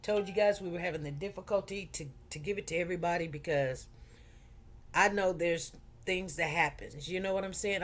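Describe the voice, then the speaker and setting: A middle-aged woman with a Chicago accent chatting casually to her livestream viewers, repeating herself and talking straight to the audience. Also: on the low side. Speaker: livestream host.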